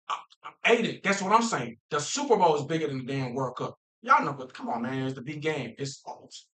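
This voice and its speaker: A man from Minnesota hosting a casual football talk stream, animated and playful, laughing often and using slang. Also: fairly high pitch, rough recording. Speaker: football talk show host. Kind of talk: casual livestream chat.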